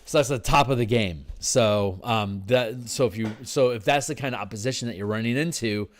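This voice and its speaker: A man's voice: mid-range voice, slight background noise. Tired man thinking aloud over typing. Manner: halting, restarts and repeats, says he is tired and yawning. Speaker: game designer streaming his work. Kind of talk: livestream design session, thinking aloud.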